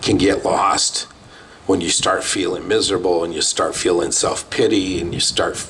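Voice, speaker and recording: A man's voice: low voice, fairly even intonation, moderate pace, a bit bright, a little hiss or hum. A man, a pastor, preaching a sermon in a plain, conversational way with bursts of emphasis. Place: outdoor drive-in church service.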